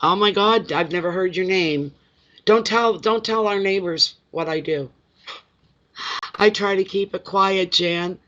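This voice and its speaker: A man's voice: high voice, measured pace, sharp tone. A man giving a live-stream tarot reading, chatting with viewers by name in an effusive, emotional way. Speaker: tarot reader. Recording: dull lo-fi sound.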